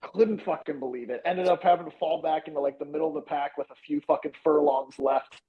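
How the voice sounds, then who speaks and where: A man co-hosting a casual sports gambling podcast, with a slightly high voice that comes through dull and lo-fi. He talks loosely and swears freely while explaining his picks. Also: fairly even intonation, brisk. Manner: loose and profane, explains at length. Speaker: podcast co-host. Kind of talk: casual sports betting chat.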